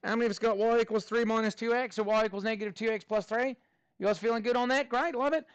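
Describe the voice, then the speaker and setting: A man's voice: high-pitched, steady tone, fast talker, clear, resonant tone, no echo, muffled recording. Upbeat man teaching a math class. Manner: playful, jokes in a mock Australian slang.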